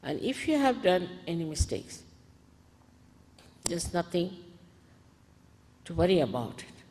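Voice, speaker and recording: A woman spiritual teacher giving calm, deliberate guided meditation instructions to an audience, in an archival recording. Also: on the low side. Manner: calm, deliberate, gently commanding. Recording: archival talk in a reverberant hall.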